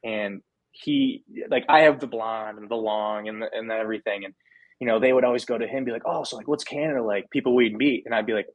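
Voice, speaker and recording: A man's voice: lowish voice, brisk, no room sound, narrow, tinny audio. Laid-back young American man telling stories. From United States. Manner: relaxed storyteller with frequent restarts and slang. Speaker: podcast guest, former minor league player. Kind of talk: casual interview chat.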